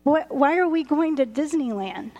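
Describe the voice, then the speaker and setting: A woman's voice: high voice, lively intonation, mellow, lo-fi sound. Woman doing a flustered mom. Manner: exasperated, hurried. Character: flustered mother calming her child. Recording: roomy hall reverb.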